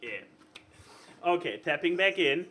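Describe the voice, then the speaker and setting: A man's voice: a little high, big pitch swings, slow, over a noisy crowd. A man co-hosting a casual podcast chat, talking hesitantly with lots of fillers and restarts. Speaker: podcast co-host.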